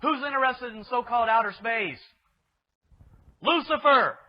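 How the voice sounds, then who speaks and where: A male pastor with a very high-pitched voice preaches a sermon at an unhurried pace. His delivery is emphatic, and he asks his listeners rhetorical questions. The lo-fi recording sounds dull.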